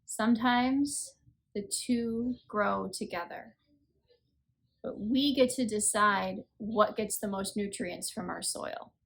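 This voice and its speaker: A woman's voice: medium pitch, takes it slowly, creaky. A woman in her thirties hosting a faith podcast, talking in an earnest, conversational way and saying she is tired. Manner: earnest, conversational, self-deprecating. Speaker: podcast host. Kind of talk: reflective faith podcast talk.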